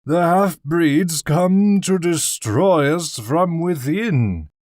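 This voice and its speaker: A drunk, hostile lord drags out his words in a slow slur, voiced by a man reading aloud. The voice is pushed well up and loud. It is recorded dry and close. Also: fairly high pitch, animated, no room sound, pitched above the performer's own voice. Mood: drunken. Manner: slurring.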